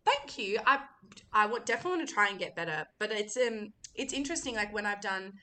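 A young Australian woman telling lively stories in a casual chat among friends. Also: mid-range voice. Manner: animated storytelling, quick asides.

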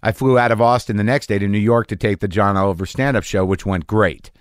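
A man's voice: on the low side, steady tone, quick pace, clear, resonant tone, no room sound, clean studio sound. A man hosting a podcast, delivering a rambling, self-deprecating and profane comic monologue. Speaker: podcast host.

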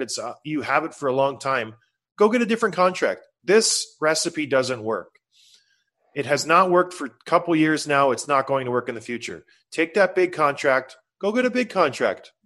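A middle-aged man co-hosting a casual sports talk show, animated and jokey. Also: a little high. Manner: animated, jokey, bursts into loud bits. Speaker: sports podcast co-host.

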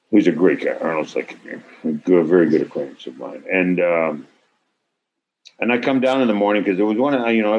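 An older man on a video call telling an animated anecdote, acting out quotes with swearing and sudden loud bursts. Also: low voice. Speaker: actor interview guest. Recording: slightly muffled video-call audio.

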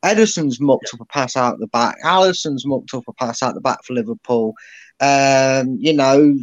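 A man co-hosting a football podcast, joking and giving animated opinions. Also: medium pitch, moderate pace. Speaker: podcast co-host. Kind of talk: casual football chat.

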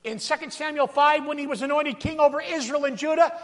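A very high-pitched man preaches fairly quickly, theatrically acting out scripture quotes and calling to his congregation. The sanctuary recording has the long reverb of a large hall.

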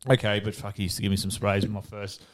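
A man's voice: on the low side, completely flat delivery, fast talker. A man with an Australian accent telling coaching stories in casual chat, swearing freely and laughing as he goes. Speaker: former professional footballer.

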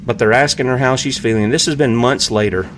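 A man's voice: mid-range voice, fairly quick, a bit bright, slight background noise. A man hosting a live online talk show, speaking emphatically and repeating phrases for effect. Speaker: host.

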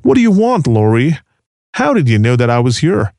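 A man's voice: medium pitch, sing-song, moderate pace, darkish tone, no room sound, studio quality. A male narrator voicing a defiant, wary teenage girl who answers sharply and defensively.

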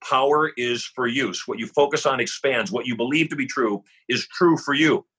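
This is a man guesting on a podcast, delivering motivational lessons and anecdotes. His delivery is emphatic and punchy, built on repetition. His voice is bright and forceful, with a slightly raspy, husky texture. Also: medium pitch, moderate pace. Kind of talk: motivational storytelling.

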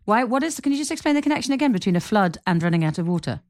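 A woman co-hosting a podcast, animated and joking, laughing often as she asks questions. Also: medium pitch, very fast, no room sound, clean studio sound. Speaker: podcast co-host. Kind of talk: podcast interview, casual chat.

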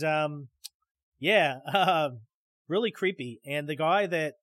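A man's voice: fairly high pitch, a bit bright, no echo. A man hosting a podcast, telling a story in a loose, rambling way with many restarts, and speaking straight to his listeners. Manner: addresses listeners directly. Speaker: podcast host. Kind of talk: casual storytelling.

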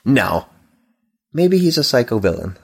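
A man's voice: mid-range voice, very animated, measured pace, gravelly, husky. A man as a podcast guest, chatting animatedly and spinning theories. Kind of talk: casual chat.

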